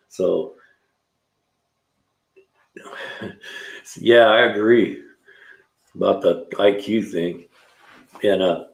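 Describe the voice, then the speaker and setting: A talkative man with a low, gravelly voice rambles through stories for his live stream viewers. He uses plenty of slang and drifts from one story to the next. His voice bounces around a roomy garage. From California. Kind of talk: casual chat, telling stories and answering chat. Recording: roomy echo.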